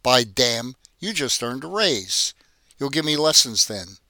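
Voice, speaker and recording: Cold commanding boss man, as a narrator puts him on, curt, bright voice. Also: medium pitch, very animated, measured pace, no echo, full character voice. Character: cold, domineering male hotel boss.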